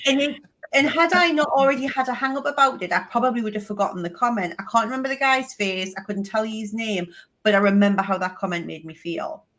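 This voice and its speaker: A woman's voice: on the high side, quick pace. A woman with a strong Geordie accent, a guest telling stories in a casual interview and swearing freely. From Northeast England. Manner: lively storytelling, swears casually. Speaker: podcast guest, business coach.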